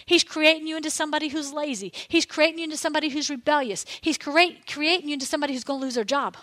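A woman's voice: high-pitched, steady tone, racing, a bit bright. A woman preaching a sermon in a conversational way, acting out prayers and quotes as she teaches.

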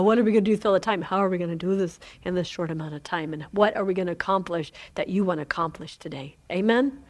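A woman teaching a women's Bible study in an informal sermon, chatty, laughing often and asking "Amen?" of her listeners. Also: mid-range voice.

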